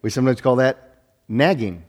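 A middle-aged male pastor preaching a sermon, telling self-deprecating stories in an animated way with frequent restarts. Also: mid-range voice, moderate pace. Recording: long reverb of a hall.

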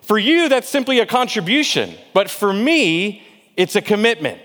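A man voicing an incredulous male pig in a joke he tells, his voice pitched up and exasperated. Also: sing-song, normal speed, fairly bright tone, long reverb tail.

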